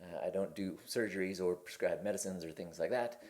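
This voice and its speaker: A man's voice: low voice, fairly quick, darkish tone. A man in his forties hosting his own channel, talking casually and candidly from his kitchen table. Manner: conversational and candid, with restarts. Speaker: host. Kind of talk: casual to-camera talk.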